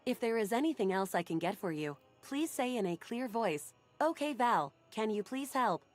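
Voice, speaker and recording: A woman voicing a polite female AI home assistant in a game, formal, measured and literal. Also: a little high, sing-song, soft background music. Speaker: game character.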